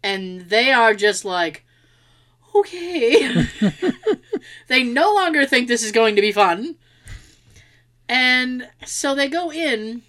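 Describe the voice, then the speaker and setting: Woman, casual storyteller, bright and sharp voice, swings all over in pitch, animated. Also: slow, pauses often. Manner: animated, laughing, swearing, acts out quotes. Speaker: podcast co-host.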